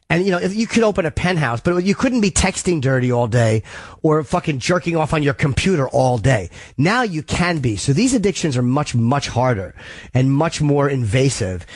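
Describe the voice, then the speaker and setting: A man hosting a call-in radio show who gives blunt, frank, profane advice and keeps clearing his throat. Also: on the high side, dry recording. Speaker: radio host.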